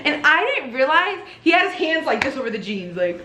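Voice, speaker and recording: Bubbly high-voiced young woman vlogger. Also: sing-song, a little fast, pushed and bright. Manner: bubbly and chatty, laughs often. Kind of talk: casual couple Q&A chat. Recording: echoey room with faint noise.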